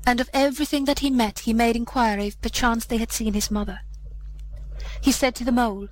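A woman's voice: fairly high pitch, steady tone, rough recording. Woman reading an old fairy tale. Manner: measured, solemn archaic narration. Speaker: narrator. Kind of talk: storybook reading aloud.

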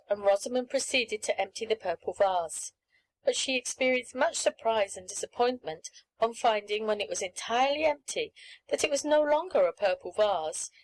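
A woman's voice: a little high, rough recording. Woman reading a storybook aloud. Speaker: narrator.

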